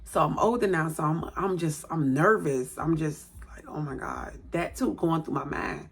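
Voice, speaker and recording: A woman's voice: sits low, normal speed. A woman in her late thirties telling a personal story on camera at home, repeating words for emphasis and acting out what people said. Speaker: vlogger. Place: indoors at home, by a light.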